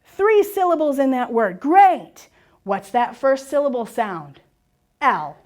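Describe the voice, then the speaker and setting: A woman's voice: sits high, takes it slowly. A woman teaching a class on spelling and syllable rules, encouraging and asking questions she answers herself. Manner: lively, encouraging, asks and answers her own questions.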